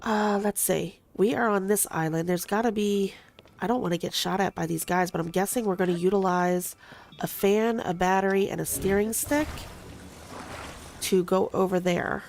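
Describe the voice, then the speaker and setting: A woman with a Philadelphia and South Jersey accent, chatting casually and thinking out loud while streaming a video game. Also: medium pitch, fairly even intonation, normal speed, gravelly. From Philadelphia, then southern New Jersey. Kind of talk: casual gameplay commentary.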